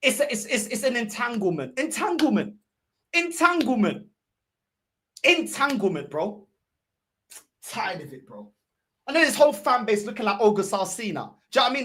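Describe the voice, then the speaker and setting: A fan streamer, a woman, rants about her club, repeating herself in exasperation. Her voice sits a little high and swings widely up and down. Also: a bit bright. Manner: exasperated, repetitive ranting. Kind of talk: ranting fan commentary.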